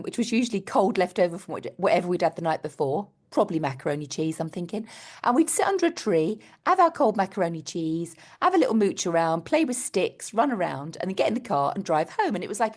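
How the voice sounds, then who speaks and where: A middle-aged woman co-hosting a casual podcast chat, telling stories with lots of laughter. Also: medium pitch. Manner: animated storyteller, laughs often. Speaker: podcast co-host.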